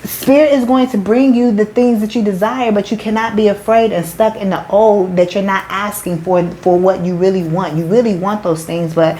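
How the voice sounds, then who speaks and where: A woman's voice: mid-range voice, normal speed, dark tone, slight background noise, low-quality recording. A woman who works as a motivational speaker and spiritual coach, preaching to her followers in emphatic, slangy talk. She swears freely, restarts often, and keeps calling them "baby".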